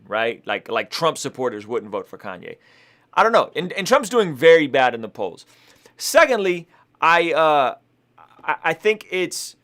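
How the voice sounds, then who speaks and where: A young adult man giving animated, casual political commentary, talking conversationally with fillers and frequent tag questions. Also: mid-range voice. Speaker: video commentator and rapper.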